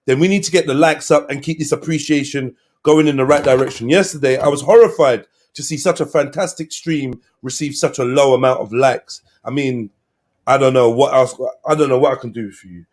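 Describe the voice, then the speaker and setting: A man, hosting a live stream and chatting casually with slang and shout-outs to viewers. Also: medium pitch, brisk. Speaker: livestream host.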